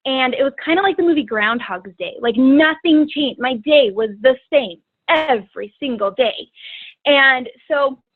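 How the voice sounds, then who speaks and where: A woman tells her own story as a guest speaker, chatty and loose, leaning on filler words. Her voice sits a bit high and comes through thin, as if over a phone line. The sound is dry with no room around it. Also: expressive, measured pace, no echo. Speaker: guest speaker, fitness coach. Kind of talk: personal testimony talk.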